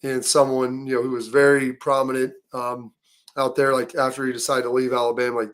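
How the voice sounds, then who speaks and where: A man's voice: medium pitch, level tone, a little fast. A man hosting a casual sports talk show, telling stories in a rambling way with many fillers and restarts. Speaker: show host.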